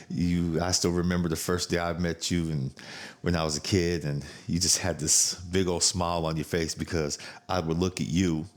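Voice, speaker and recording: Deep-voiced blunt man on a podcast. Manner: blunt, profane, laughs while telling stories. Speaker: podcast host. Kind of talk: casual chat.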